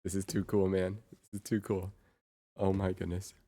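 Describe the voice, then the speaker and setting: A young adult woman livestreaming in casual chat, excitable and quick to repeat herself in bursts. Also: extremely low pitch.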